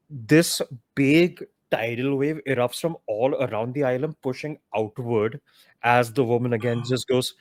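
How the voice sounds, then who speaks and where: A man's voice: medium pitch, normal speed, no room sound. A man narrating a tabletop game as dungeon master, casual and loose with many filler words.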